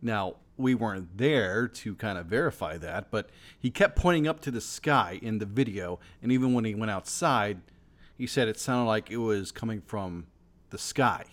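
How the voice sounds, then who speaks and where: A man's voice: on the low side, expressive, normal speed. A man co-hosting a comedy podcast in casual, playful, theatrical chat, with music behind. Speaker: co-host.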